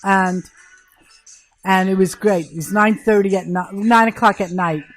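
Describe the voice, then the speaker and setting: An older woman from New York, a podcast guest, recounting memories in an animated, emphatic way. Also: mid-range voice, measured pace, faint music behind. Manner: animated, emphatic, acts out quotes. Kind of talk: casual storytelling interview.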